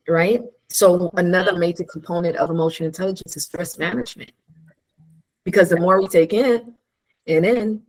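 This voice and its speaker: In a casual chat, a woman tells stories with animated energy, acting out quoted lines, laughing a lot and tossing in rhetorical questions. Her voice sits on the low side, and the audio is poor.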